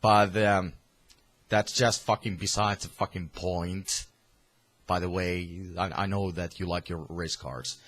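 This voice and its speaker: A man's voice: sits low, steady tone, unhurried, fairly bright tone. A man from Finland with a Finnish accent, delivering a heated, profane political rant to camera with many restarts. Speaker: vlogger.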